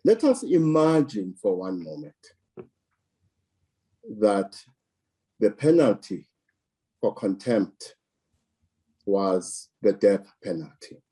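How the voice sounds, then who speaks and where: A man from South Africa speaks slowly and deliberately, leaning on repeated words to drive his points home. His voice is deep and dark, with a husky edge. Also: sing-song. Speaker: political commentator. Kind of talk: measured political commentary.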